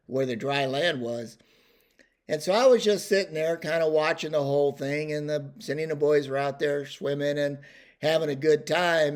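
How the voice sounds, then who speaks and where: A man spins a relaxed family yarn in a rambling, folksy way. His voice sits a little higher than most men's. He loops back and fills gaps with easygoing fillers. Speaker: storyteller host. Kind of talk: casual storytelling vlog.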